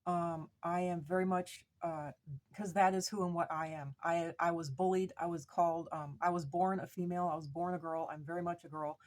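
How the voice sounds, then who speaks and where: Woman from Minnesota, lowish voice, loose vlog monologue, circles back on her points and presses them hard. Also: fairly even intonation, brisk. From Minnesota, USA. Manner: rambling and repetitive, with many restarts and insistent emphasis. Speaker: vlogger. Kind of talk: unscripted to-camera monologue.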